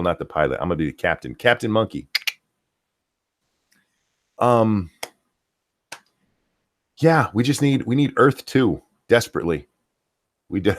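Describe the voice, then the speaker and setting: A middle-aged man hosts a casual live stream, ranting with plenty of profanity while reading viewer comments aloud. His voice is on the low side, and the recording is clean studio sound with no room echo.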